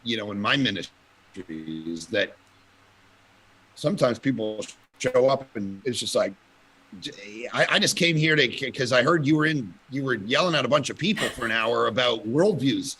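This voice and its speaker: A man, a pastor, telling lively stories in a casual conference talk, with loud bursts of emphasis and frequent laughter. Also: medium pitch, moderate pace, slight background noise. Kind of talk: casual storytelling at a conference panel.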